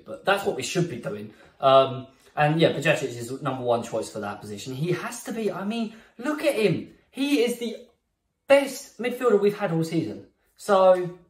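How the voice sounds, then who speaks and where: A man hosting a football fan channel, giving his opinions in a casual, jokey, animated way. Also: a little high. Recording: roomy echo, a bit far from the mic.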